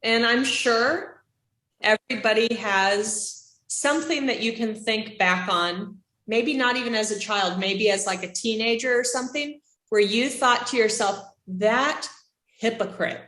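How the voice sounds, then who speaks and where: A woman instructor giving a casual classroom lecture, chatty and animated, asking her students questions. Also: a little high, measured pace. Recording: echoey room.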